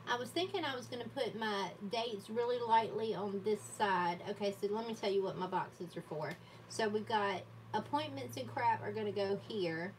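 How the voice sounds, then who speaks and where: A woman's voice: medium pitch, distant mic, a little hiss or hum, low-quality recording. A woman hosting a live stream from her home desk, chatting casually and laughing often at herself. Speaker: livestream host. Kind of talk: casual chat while journaling.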